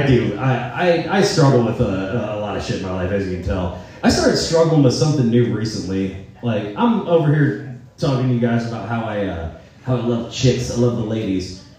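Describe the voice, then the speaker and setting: A man's voice: mid-range voice, mellow. A man hosting a podcast, rambling casually with profane, self-mocking jokes. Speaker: podcast host. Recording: roomy echo, distant from mic.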